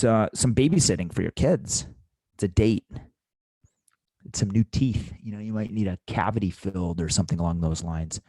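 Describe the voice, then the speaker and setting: A man's voice: fairly low pitch, a little mellow, dry recording. A man teaching restaurant servers in an instructional talk, coaching them through the math step by step and repeating key points for emphasis.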